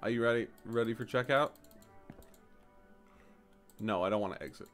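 A man giving casual, animated commentary while playing a store game, jumping to high excited exclamations and mock-polite shopkeeper lines. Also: moderate pace, faint music behind. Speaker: gaming YouTuber.

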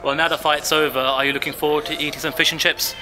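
A man's voice: on the high side, little pitch movement, fast talker, bright, forceful tone. A male interviewer asking questions after a fight, hesitant and full of fillers and restarts. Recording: noisy background.

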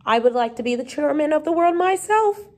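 A woman reading the part of a small, brisk, bossy male schoolteacher in a storybook, speaking crisply and dismissively. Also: high voice, expressive, voice pushed up.

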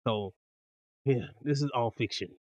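A man's voice: medium pitch, a little slow, no echo. A man hosting a reaction video, chatting casually with frequent laughs and stammers.

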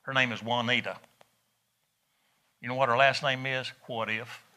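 A middle-aged man, preaching a sermon in a folksy, animated storytelling way. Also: mid-range voice, moderate pace, a little hiss or hum. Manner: folksy, animated storytelling with laughs and rising emphasis.

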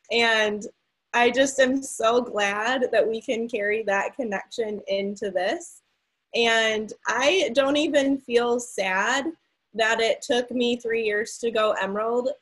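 A woman's voice: a little high, breathy edge, rough recording. A woman in her thirties hosting a casual chat, telling a story animatedly with many likes and acting out the quotes. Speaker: host.

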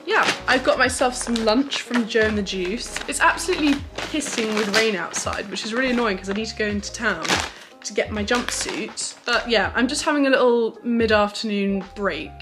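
A woman's voice: fairly high pitch, normal speed. A young woman, chatting casually and upbeat to camera in a vlog, with "like" in many sentences. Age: young adult. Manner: chatty and upbeat, says "like" often. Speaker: vlogger. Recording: background music under the voice.

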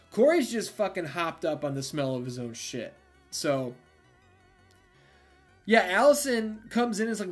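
A film reviewer recapping a movie in a casual spoken review, blunt and profane, with frequent fillers. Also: medium pitch.

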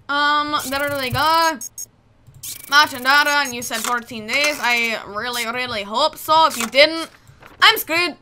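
High, bright-voiced goofy young woman. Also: normal speed, a little hiss or hum. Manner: goofy, joking, talks straight to viewers. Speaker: gaming video creator. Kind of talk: let's-play commentary.

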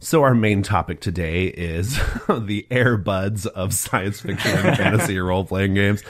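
A man hosting a casual podcast chat, gushing with excitable, profane enthusiasm. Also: sits low, a little slow. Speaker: podcast host.

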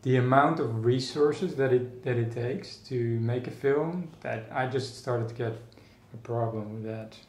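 Speaking in a mid-range voice with a darkish tone, a man from the Netherlands muses in an echoey room. He's the artist guest in a casual interview conversation, and his manner is thoughtful and halting, with many restarts and fillers.

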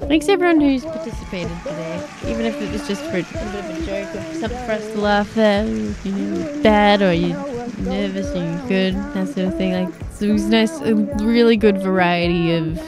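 A woman's voice: medium pitch, brisk, loud music behind the voice. A woman hosting a game talent show on a stream, chatting casually with playful banter and frequent giggles.

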